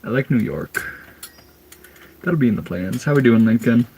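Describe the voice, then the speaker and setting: A man's voice: mid-range voice, moderate pace, noisy background. Chatty young man streaming from his bus. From Minnesota. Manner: relaxed, chatty, reads out viewer questions. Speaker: livestreamer. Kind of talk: casual livestream chat. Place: converted school bus.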